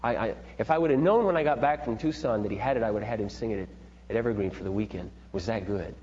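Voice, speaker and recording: A middle-aged man leading a parenting seminar, talking in a rambling, folksy, animated way to a group. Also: fairly low pitch, fast. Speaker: seminar leader. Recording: dull echoey hall with faint hum.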